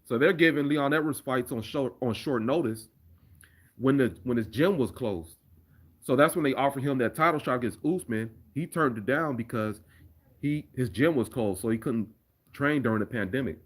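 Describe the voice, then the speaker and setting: A man's voice: medium pitch, moderate pace. A man hosting a casual live stream, chatting loosely with viewers about fights and his remixes, often restarting sentences. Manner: rambling, conversational, restarts often. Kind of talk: casual live chat reading viewer comments.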